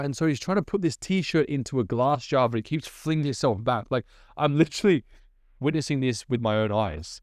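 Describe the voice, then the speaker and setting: A man's voice: medium pitch, fairly quick, no echo, studio quality. Man telling a dramatic story. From Australia. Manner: lively, conversational storyteller. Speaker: person giving a testimony. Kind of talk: personal testimony storytelling.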